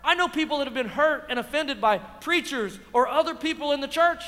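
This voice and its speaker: A man's voice: very high-pitched, normal speed, a bit bright, long reverb tail. A man preaching a sermon, asking his congregation rhetorical questions. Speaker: pastor. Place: church.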